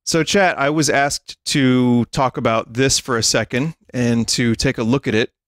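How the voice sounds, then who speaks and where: A man's voice: medium pitch, steady tone, unhurried, a bit bright, no echo, clean studio sound. A man hosting a livestream, chatting casually to his viewers and laughing often as he reads a list aloud. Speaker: livestream host. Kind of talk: casual stream chat.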